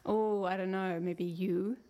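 A woman's voice: medium pitch, fairly even intonation, a little slow, dark tone. A woman co-hosting a casual podcast, teasing her partner and laughing often. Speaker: podcast co-host. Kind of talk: casual chat.

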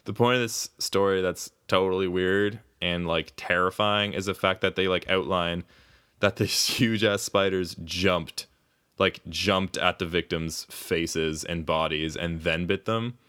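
A low-pitched man talks loosely on a podcast, wandering through his thoughts with plenty of swearing and bursts of laughter. His voice has a bright, forceful edge. It comes across smooth and resonant. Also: steady tone, a little slow. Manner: rambling, swears often, laughs mid-sentence. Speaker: podcast co-host. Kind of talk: casual chat.

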